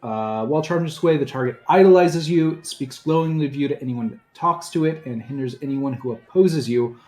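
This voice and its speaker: A player in a tabletop game, talking casually and hesitantly with many pauses. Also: medium pitch, darkish tone, roomy sound. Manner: hesitant, many fillers and restarts.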